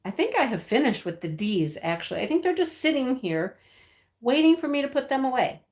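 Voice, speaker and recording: A woman's voice: high voice, very animated, fairly quick, darkish tone. Chatty woman greeting her live viewers. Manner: chatty, greets viewers one by one, laughs often. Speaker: livestream host. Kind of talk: casual live-stream chat. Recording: echoey room, own speakers feeding back.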